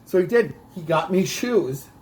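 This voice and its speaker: A man running through a stand-up routine, hitting each joke with a punchy catchphrase. His voice sits a little higher than most men's. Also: animated, unhurried, a little mellow, slight background noise, rough recording. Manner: punchy delivery, repeats a catchphrase; bilingual. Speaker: stand-up comedian. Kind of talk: rehearsing a stand-up bit.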